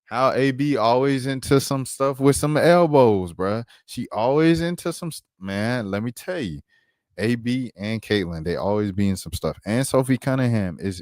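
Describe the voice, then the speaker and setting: A man with a fairly low, darkish voice sounds animated at a moderate pace, in studio-quality audio with no room sound. As a sports commentary host on a casual basketball stream, he's slangy and relaxed, saying "bro" and "dog" often while bringing up clips.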